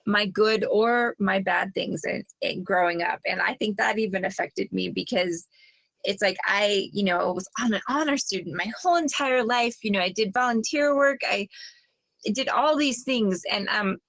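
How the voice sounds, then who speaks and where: Gravelly hesitant woman in dry close sound. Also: mid-range voice, normal speed, fairly bright tone, no echo. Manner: hesitant, restarts often, reflective. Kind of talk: casual chat.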